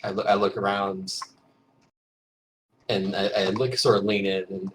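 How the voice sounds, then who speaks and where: A man as a player speaking quietly and in a hushed way. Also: sits low, little pitch movement, moderate pace, long pauses, distant mic, slight background noise, poor audio.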